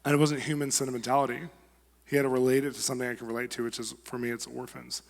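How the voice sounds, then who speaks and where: A man's voice: medium pitch, rapid-fire, creaky. A man preaching a sermon, telling a story and acting out the people in it. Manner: animated storyteller acting out quoted voices. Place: church hall. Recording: long church hall reverb.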